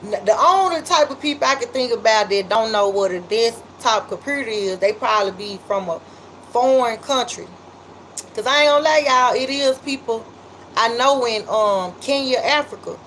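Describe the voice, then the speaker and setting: A woman with a Memphis accent, hosting a casual livestream and reading viewer comments aloud in a chatty, drawn-out way. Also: fairly high pitch, animated, fairly bright tone, a little hiss or hum, poor audio. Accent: Memphis, Southern US. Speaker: livestream host.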